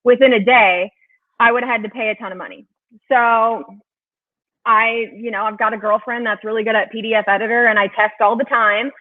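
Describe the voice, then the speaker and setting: A woman's voice: on the high side, steady tone, a little fast. Chatty woman telling stories on a tinny call. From Wisconsin. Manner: chatty storyteller, laughs often. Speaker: guest. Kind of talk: casual chat. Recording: tinny phone-like call audio.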